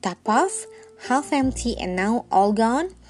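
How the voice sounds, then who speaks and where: A prim, kindly little mouse from a bedtime story, voiced by a woman reader. She speaks high and precise, asking questions slowly and carefully. Faint music sits under her voice. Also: very animated, a little mellow. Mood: cross. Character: trusting kindly female mouse, fussy.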